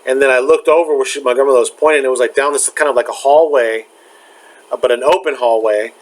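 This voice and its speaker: A man's voice: medium pitch, fairly even intonation, low-quality recording. Rambling young man recounting a dream. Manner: rambling, halting, many fillers and restarts. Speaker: spiritual vlogger. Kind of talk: casual storytelling.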